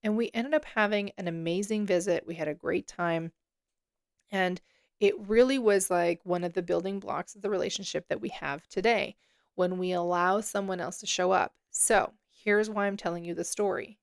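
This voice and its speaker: A woman's voice: fairly low pitch, normal speed, creaky, clear, resonant tone, no room sound, clean studio sound. A woman hosting a solo podcast as a coach, talking casually with lots of fillers and self-corrections.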